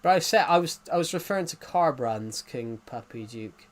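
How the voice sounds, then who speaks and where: A man's voice: medium pitch, expressive, normal speed. A man with an English accent, chatting casually with his stream viewers and often restarting his phrases. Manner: rambling, repeats and restarts phrases. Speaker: live streamer reading chat.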